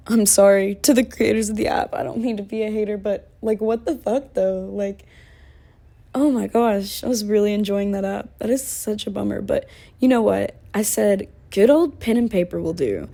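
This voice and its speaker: Female podcast host, unhurried delivery, gravelly fry in a warm low tone, candid casual solo chat. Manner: candid, animated ranting with swearing and laughs.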